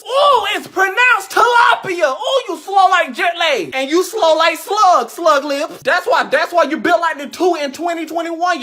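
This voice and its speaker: A man voicing sassy young schoolkids who trade rapid-fire insults and burst into loud squeals. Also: extremely high pitch, heavily acted. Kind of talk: comedy skit character voices.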